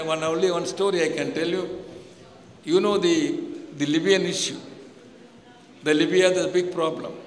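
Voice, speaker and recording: An older Indian man with a fairly high voice gives a loose, rambling speech as a minister. He restarts his sentences and acts out phone calls as little dialogues. The sound rings around a large hall with a long tail of reverb. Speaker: government minister giving a speech. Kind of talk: informal public speech. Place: large hall, speaking to an audience.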